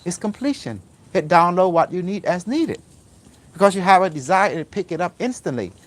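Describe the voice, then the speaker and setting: Man, higher-pitched, spiritual teacher type, rambling broken-English lecture delivered with insistent repetition. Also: lively intonation, fairly quick.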